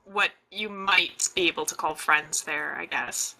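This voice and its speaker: Woman, player, very bright voice, low for a woman, unsure. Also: unhurried, vocal fry, rough recording. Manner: hesitant, offhand. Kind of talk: casual chat.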